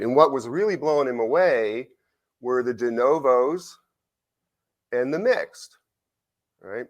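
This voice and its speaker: A middle-aged man, a university researcher, giving a conversational conference lecture with stories and frequent "right?" checks to the audience. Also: mid-range voice. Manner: animated, conversational, frequent "right?" tag questions. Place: conference symposium.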